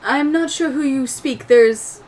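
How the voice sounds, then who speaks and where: A woman's voice: sits high, unhurried, a little mellow, voice pushed up. A woman voicing a formal robot ship's pilot who politely calls people sir.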